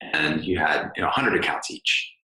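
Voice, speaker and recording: Deep-voiced man host, bright and echoey. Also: normal speed. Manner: casual, rambling, many fillers. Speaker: podcast host. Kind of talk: podcast interview. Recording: roomy echo.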